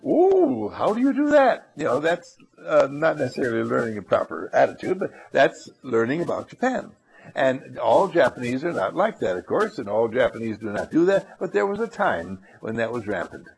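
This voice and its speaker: A man's voice: medium pitch, big pitch swings, moderate pace, gravelly. A man giving a rambling anecdotal talk who often restarts his phrases and acts out characters. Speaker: storyteller.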